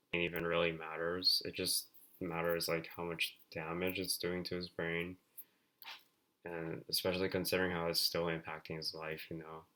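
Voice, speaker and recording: A male streamer reads game text aloud and then rambles through his thoughts about it, padding every sentence with filler words. His voice sits low in pitch but has a bright, forceful edge to it.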